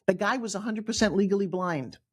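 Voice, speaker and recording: Middle-aged new york woman telling her life story on a podcast, lively, does little voices for people she quotes. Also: mid-range voice, brisk, breathy edge. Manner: animated, acts out quoted voices, frequent restarts. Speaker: guest storyteller.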